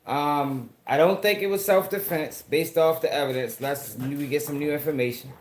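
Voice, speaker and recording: A man's voice: fairly high pitch, moderate pace, reverberant. A man from Baltimore with a Baltimore accent, hosting a casual live-stream commentary show, profane and answering chat comments directly.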